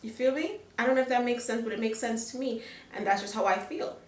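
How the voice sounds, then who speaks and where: A woman's voice: fairly high pitch, quick pace, darkish tone, slight background noise. A young woman with a Jamaican accent gives frank, chatty advice to camera in a casual vlog, often checking in with "okay?". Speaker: vlogger. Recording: roomy echo, a little far from the mic.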